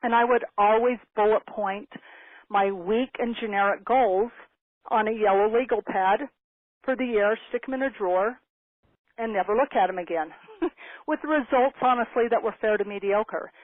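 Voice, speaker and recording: Woman in her fifties, lively storyteller speaker, lo-fi phone-band audio, dry. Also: mid-range voice, normal speed, no room sound. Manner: animated, acts out quoted dialogue. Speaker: motivational speaker. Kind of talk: personal storytelling talk. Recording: tinny phone-like, dry sound.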